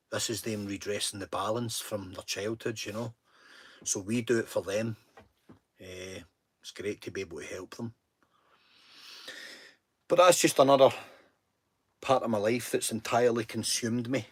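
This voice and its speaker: A man's voice: lowish voice, no echo. A Scottish man hosting a casual live stream, talking earnestly and poking fun at himself. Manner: earnest and self-deprecating, chatty. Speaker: livestream host.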